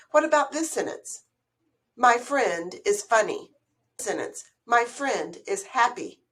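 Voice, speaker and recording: Speaking in a mid-range, fairly bright voice, a woman teaching literacy records a slideshow lesson on early reading, explaining patiently and putting questions to her listener.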